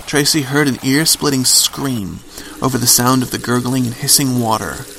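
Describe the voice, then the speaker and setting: A man's voice: medium pitch, moderate pace, gravelly, few pauses, fairly bright tone, slight background noise. A man narrating a scripted horror story with dramatic, varied emphasis.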